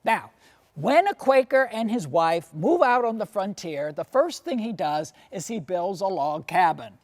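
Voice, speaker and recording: A woman's voice: medium pitch, very animated, measured pace, darkish tone. A woman lecturer and tour guide telling history as a story, posing questions to her audience and often adding "you see".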